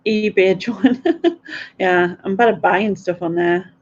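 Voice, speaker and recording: A woman's voice: mid-range voice, steady tone, slow, lo-fi sound. A middle-aged woman, chatting and giggling through a casual live question-and-answer stream.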